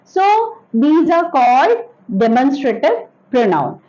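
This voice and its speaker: A woman teaching an English grammar lesson to children, speaking slowly and repeating each point with examples. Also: sits high, very animated, warm tone, highs cut off. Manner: addresses children directly.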